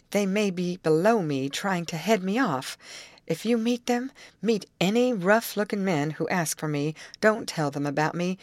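A woman's voice: fairly low pitch, dry recording. A woman reading the part of a ragged, nervous young man on the run, who talks in earnest, urgent pleas.

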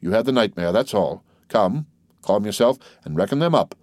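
Man voicing a composed worldly count, storybook, low voice, measured, assured, dry ironic tone. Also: animated, darkish tone, no echo, natural voice. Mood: soothing. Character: composed worldly nobleman, calm and commanding.

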